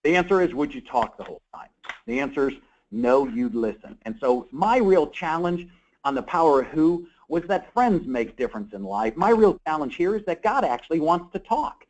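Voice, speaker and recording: A high-pitched man talks with lively energy, acting out each quoted line in his story. He is a guest author on a call. The sound is dull and lo-fi, as a call tends to be. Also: normal speed. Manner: energetic, acts out quoted dialogue. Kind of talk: animated storytelling interview. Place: call or webinar.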